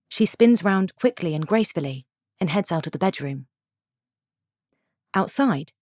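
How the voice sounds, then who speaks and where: A woman reading a story aloud as the narrator, at a steady, descriptive pace. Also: on the low side, no room sound, clean studio sound.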